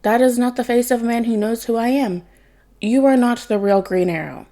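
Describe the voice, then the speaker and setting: Cocky young man in a superhero mask, smug and teasing, read by a woman, mellow tone, storybook reading. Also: fairly high pitch, a little fast, pitched above the performer's own voice, natural voice.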